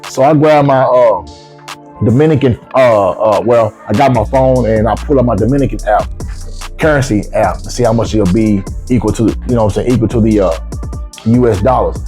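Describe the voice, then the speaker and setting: A man with features, casually telling a travel story as a vlogger, swearing freely and jumping up in pitch when he quotes himself. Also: moderate pace, faint music behind. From United States. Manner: animated, profane, rises sharply when quoting himself.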